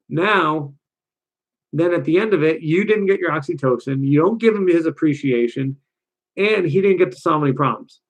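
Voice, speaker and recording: This is a man coaching his audience on relationships in a loose, conversational way. His voice sits a touch high for a man, and he keeps things lively by slipping into short acted-out quotes. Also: moderate pace. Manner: energetic, conversational, acts out little quoted voices. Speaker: dating coach. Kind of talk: direct-to-camera coaching talk.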